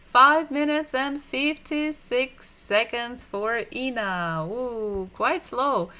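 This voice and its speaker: A woman giving a livestreamed language lesson, patiently repeating sounds and words slowly so learners can drill them. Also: a little high, sharp tone. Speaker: Russian language teacher.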